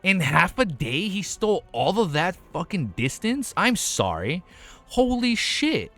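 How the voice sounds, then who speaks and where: A young American man reacting to a webnovel on stream, excitable and swearing often, laughing as he talks. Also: sits high, a little slow, soft background music. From United States. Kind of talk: casual reaction commentary.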